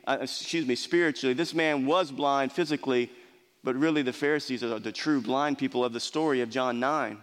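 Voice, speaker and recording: A male pastor preaching a sermon earnestly, often restarting his words. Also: fairly high pitch. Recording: long hall reverb.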